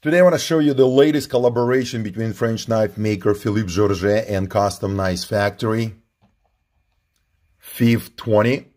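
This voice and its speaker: Low-voiced man reviewing knives. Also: moderate pace, darkish tone. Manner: informal, repeats himself while handling the knife. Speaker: knife reviewer. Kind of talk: casual product review.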